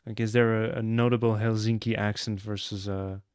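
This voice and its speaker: A man's voice: fairly low pitch, little pitch movement, brisk, a little mellow, smooth, dry recording, clean studio sound. A young man streaming a mystery game live, chatting and joking with his viewers as he plays. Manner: chatty, joking, answers chat.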